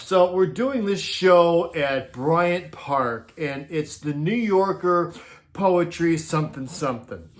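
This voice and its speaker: Chuckling man spinning a road-crew yarn. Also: a little high. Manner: chuckling, acts out quotes in animated voices. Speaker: storyteller recounting road crew tales. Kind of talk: casual anecdotal storytelling.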